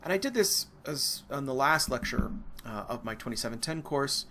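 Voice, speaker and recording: Casual American male lecturer, bright, rambling asides, faint hiss under the voice. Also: mid-range voice, expressive, moderate pace. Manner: casual, digressive, with asides and fillers. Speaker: art history lecturer. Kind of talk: recorded university lecture.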